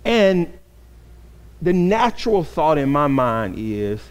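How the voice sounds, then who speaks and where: Male pastor, sermon, earnest, repeats phrases, high voice, unhurried. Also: very animated, clear, resonant tone. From grew up in an inner-city neighborhood.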